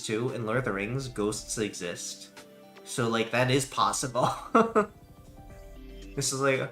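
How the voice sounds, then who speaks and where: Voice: medium pitch, fairly bright tone. A streamer chatting casually while gaming, ranting in a rambling, profane way.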